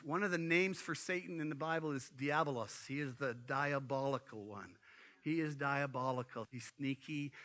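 A man preaching a sermon, telling stories in an animated way, full of asides to the congregation. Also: a little high. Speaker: pastor.

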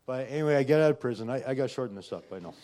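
A man's voice: medium pitch, expressive, racing, dark tone. A middle-aged man giving a personal faith testimony in a conversational way, often adding "right?" and "you know". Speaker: testimony speaker.

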